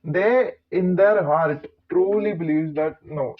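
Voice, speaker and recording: A man's voice: on the high side, slow. Chatty man with a tinny phone-like sound. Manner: chatty, digressive, playful asides. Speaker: channel host. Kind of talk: casual talking-to-camera vlog.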